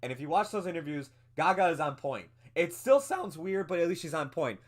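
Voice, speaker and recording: A man's voice: on the high side, expressive, a little fast. A man co-hosting a movie podcast, talking in a rambling casual way with frequent laughs and fillers. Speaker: podcast co-host. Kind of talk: casual movie review chat.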